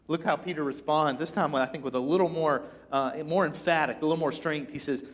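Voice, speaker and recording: A man with a high, light voice preaches a sermon in a church. He tells the story in a chatty way and jumps into animated voices for the people he quotes. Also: a little fast, few pauses. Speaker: pastor.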